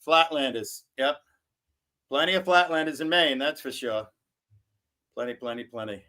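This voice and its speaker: A man's voice: medium pitch, moderate pace, sharp tone. A man hosting a casual live-stream chat, rambling and joking in a loose, giggly way.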